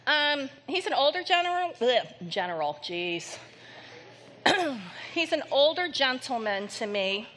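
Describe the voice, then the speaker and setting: A woman psychic medium giving a live reading to an audience member in a theater, speaking gently and haltingly with many pauses. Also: sits high, sing-song, slight background noise. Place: theater stage before an audience.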